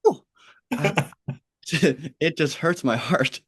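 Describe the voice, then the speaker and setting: An American man with a flat Pennsylvania-Oregon accent, hosting a podcast in casual, halting chat with frequent restarts and laughs. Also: on the high side, slightly rough. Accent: General American. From United States (Pennsylvania, Oregon). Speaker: podcast host.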